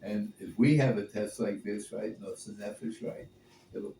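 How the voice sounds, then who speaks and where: A man in a class discussion, asking searching, drawn-out questions. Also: lowish voice, fairly even intonation, creaky, warm tone. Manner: searching, builds long questions. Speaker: class participant. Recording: roomy and distant with faint background noise.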